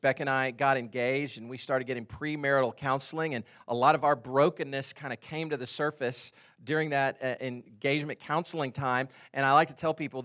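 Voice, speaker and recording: A man in his thirties preaching a sermon in a conversational way, telling stories with many fillers and sudden animated bursts. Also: medium pitch. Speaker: pastor.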